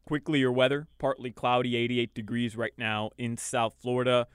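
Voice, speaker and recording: Smooth-voiced male radio update reader. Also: mid-range voice, little pitch movement, moderate pace, dry recording, studio quality. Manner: teasing, matter-of-fact reader. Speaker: sports radio co-host reading updates. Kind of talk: reading scores and weather between banter.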